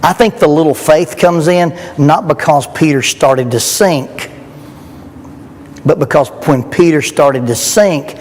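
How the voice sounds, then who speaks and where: A man's voice: on the high side, measured pace, a little mellow. A middle-aged man preaching a sermon at a youth rally, earnest and emphatic, asking rhetorical questions. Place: church. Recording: long reverb in a church hall, faint background noise.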